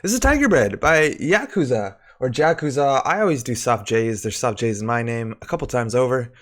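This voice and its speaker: A man's voice: mid-range voice, animated, brisk, a bit bright. A man hosting a live stream, chatting about a card game and greeting viewers by name, slightly out of breath. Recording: faint music behind.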